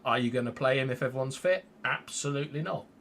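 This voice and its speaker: Guy on a fan stream, opinionated, rambles and restarts a lot, mid pitch. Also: fast talker, a bit bright. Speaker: fan channel co-host. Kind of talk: casual opinion chat.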